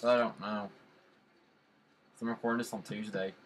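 A man's voice: fairly low pitch, steady tone, normal speed, rough recording. A man giving casual let's play commentary. He rambles while playing and keeps repeating silly catchphrases. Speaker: gamer.

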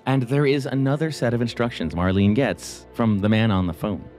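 A man narrating a true story in a measured, scripted way, adding quiet murmured reactions. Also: mid-range voice, steady tone, faint music behind. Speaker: podcast host and narrator.

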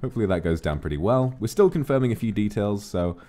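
A man chatting casually on a livestream, relaxed and a little drowsy, telling stories and thanking viewers. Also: lowish voice, quick pace. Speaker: streamer. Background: faint music.

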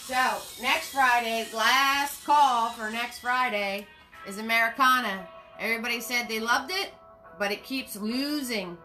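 A woman hosts a live painting class, unhurried and chatty, with a bright, forceful voice pitched a little high. She repeats her cue words in a playful, sing-song way as she guides each step. Soft music plays faintly behind her. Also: rough recording. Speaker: paint party instructor.

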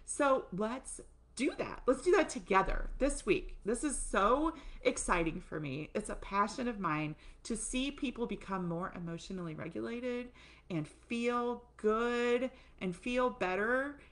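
Excited woman teaching breathing to camera. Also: a little high. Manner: excited, fast-talking, animated asides. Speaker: course instructor. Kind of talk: teaching an online course to camera.

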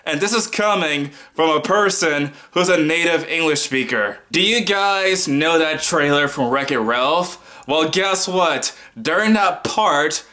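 A self-styled loudmouth American man rants through his opinion commentary. His voice is bright and a touch high, and he takes his time over each line. He mocks freely and laughs between points. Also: expressive, unhurried, hardly any pauses. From United States. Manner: loud, mocking, breaks into laughs. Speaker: political commentary vlogger.

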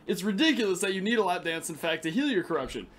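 A man giving joking, excitable commentary while he plays a game late at night and laughs often. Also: sits high, fast, slight background noise. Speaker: gaming channel host. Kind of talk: casual gameplay commentary.

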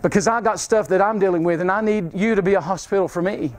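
A man's voice: high-pitched, fast. A man preaching a revival sermon in a church, fervent and repetitive, calling out to the congregation. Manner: fervent, calls out to the congregation, repeats phrases. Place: church sanctuary.

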